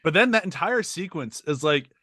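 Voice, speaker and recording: A man's voice: high-pitched, expressive, moderate pace, sharp tone, no room sound, studio quality. A man co-hosting a podcast, talking through a movie in a rambling, enthusiastic way with lots of fillers. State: over-caffeinated. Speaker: podcast co-host. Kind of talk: casual movie discussion.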